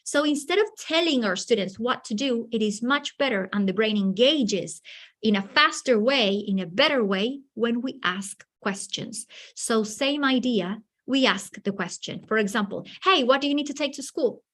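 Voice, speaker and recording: Brief: woman workshop presenter, lively and animated, higher pitch, talking to teachers on a video call. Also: a little slow. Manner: lively, animated, acts out children's voices. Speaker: teacher trainer.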